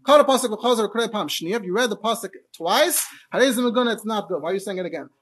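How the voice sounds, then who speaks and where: Male Torah teacher. Talks fast and explains things with lots of asides. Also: high-pitched, expressive, a bit bright, husky. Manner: rapid, explanatory, full of fillers and asides. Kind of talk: Torah class on Hebrew pronunciation.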